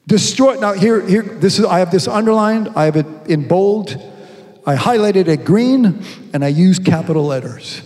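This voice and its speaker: A male pastor with a high-pitched voice preaches in a church hall, his words carrying a long echo. He poses rhetorical questions and slows right down to stress scripture. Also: expressive, darkish tone. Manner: preaching with rhetorical questions and slow emphatic reading. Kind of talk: sermon. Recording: long reverb from a large hall.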